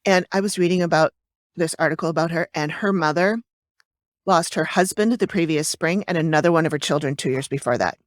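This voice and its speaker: A woman's voice: sits low, a little fast, dry recording, studio quality. A woman co-hosting a casual true-crime podcast, chatty and hesitant, with frequent fillers and restarts. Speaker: podcast co-host.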